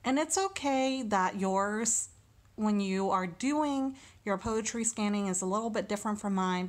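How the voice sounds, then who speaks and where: Female teacher, unhurried and deliberate, mid-pitched, talks through a lesson step by step. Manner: slow and deliberate, sounding out syllables. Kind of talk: recorded lesson walkthrough.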